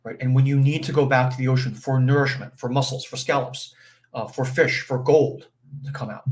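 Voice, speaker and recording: A man's voice: medium pitch, steady tone, fairly quick. A man leading an informal spiritual teaching session, talking conversationally with frequent fillers and "right?" check-ins. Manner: acts out brief quoted voices with chuckles.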